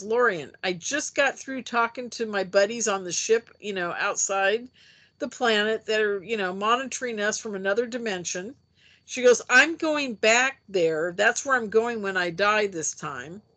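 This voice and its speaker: A woman telling a personal story in a casual interview, animated and chatty, acting out the voices she quotes. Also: on the high side. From United States. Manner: chatty with frequent fillers. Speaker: interview guest, UFO experiencer.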